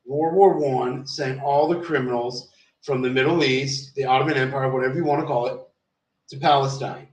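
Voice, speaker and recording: A man's voice: a little high, moderate pace. A man livestreaming, telling a long story in a profane, rambling way and acting out quotes from the people in it. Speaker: live streamer. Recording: roomy sound, far from mic.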